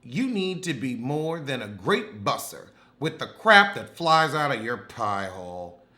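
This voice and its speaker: A man's voice: medium pitch, sing-song, measured pace, pushed and bright. Sassy man roasting a reality show. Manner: sassy, dramatic, cutting insults. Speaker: reality TV recap host. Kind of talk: comedic show recap.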